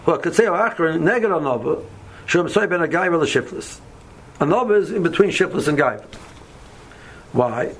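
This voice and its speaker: A man's voice: sits high, creaky, slight background noise, rough recording. A man giving a casual Torah lesson, telling stories with many fillers and mixing in Hebrew and Yiddish terms. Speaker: yeshiva teacher.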